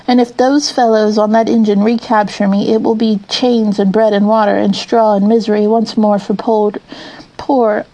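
A woman's voice: on the high side, vocal fry, mellow, poor audio. Mister Toad, as a woman reads him, pleading dramatically. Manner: pleading, dramatic and self-excusing. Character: boastful, self-pitying male toad gentleman. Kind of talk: audiobook character reading.

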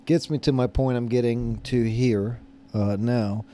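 A man's voice: mid-range voice, steady tone, unhurried, dark tone, slight background noise. A man in his thirties casually telling a story, rambling and hesitant with many fillers and restarts. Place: lives in Florida.

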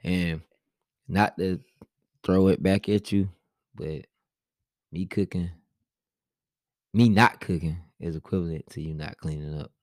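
This is a man with a lowish voice, talking bluntly with his wife in a casual couple's chat. He stays laid-back while he argues his side. The recording is dry, with little room sound. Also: unhurried, long pauses, no echo. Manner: blunt, laid-back, argumentative, says "bro" often. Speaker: husband in a couple's vlog.

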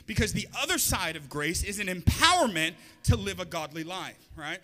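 With a high, bright voice and lively intonation, a male pastor delivers a loose, conversational sermon peppered with joking asides. He talks fast with few pauses, and a long reverb trails his words through the hall.

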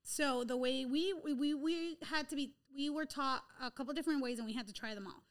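A woman in her thirties telling an animated story in a casual chat, laughing often. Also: high voice, fairly quick.

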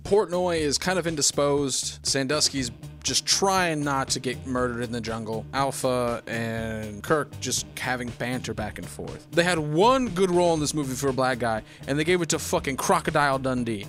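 A man's voice: mid-range voice, moderate pace, a bit bright, faint music behind. A man casually recapping a movie plot, rambling and swearing a lot, now and then acting out lines in silly voices.

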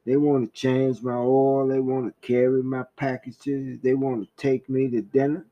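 A man's voice: medium pitch, flat delivery, moderate pace, highs cut off, natural voice. A man voicing a lonely wife who tenderly and pleadingly reads out a farewell letter.

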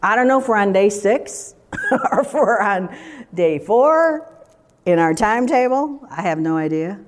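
A woman's voice: medium pitch, very animated, measured pace. A woman preaching a sermon in a conversational, emphatic way, full of rhetorical questions.

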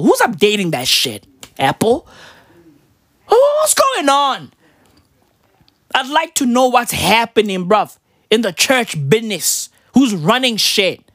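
A woman delivering a profane comedic rant, firing off rapid rhetorical questions and swinging between low mutters and high squeals. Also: fairly bright tone, dry recording, clean studio sound.

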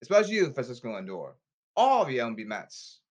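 A man's voice: medium pitch, big pitch swings, quick pace. A man delivering an angry, repetitive rant, scolding and demanding, often stumbling over his words.

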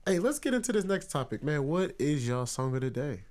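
A man's voice: on the high side, sing-song, a little fast, darkish tone. A man co-hosting a casual podcast, laughing often and telling stories with animation. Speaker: podcast co-host. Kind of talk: casual chat.

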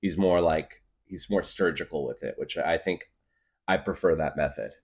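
A man's voice: rumbling low, normal speed, breathy edge. A man rambling through a casual comedic monologue as a podcast guest, stuffing his talk with filler words and joking exaggerations. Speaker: podcast guest, craft beer guru.

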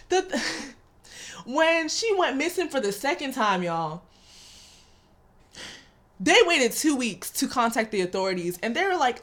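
Animated, profane woman ranting casually. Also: high-pitched, measured pace, pauses often. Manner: animated, swears a lot, talks straight to listeners. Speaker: podcast host.

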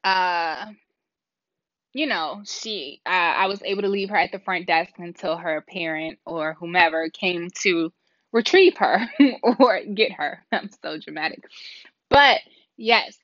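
A woman's voice: on the low side, slow pace, no echo. A woman vlogger casually telling a story to her viewers, rambling and acting out the dialogue. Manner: animated, rambling, acts out dialogue. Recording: dull lo-fi sound.

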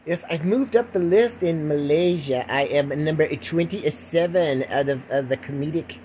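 A man's voice: fairly high pitch, moderate pace, darkish tone, slight background noise. An older man hosting a rambling solo podcast, mocking himself while lying at home with the window open. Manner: rambling, self-mocking, breaks into mock voices. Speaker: podcast host.

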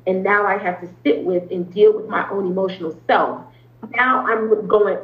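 An earnest woman therapist talks through her ideas in a relaxed interview, often pausing on "um" and restarting her sentences. Her voice sits at an ordinary pitch. The recording sounds roomy and a little dull. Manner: earnest, explains at length with frequent ums and restarts. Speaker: therapist, podcast guest. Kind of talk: conversational interview talk.

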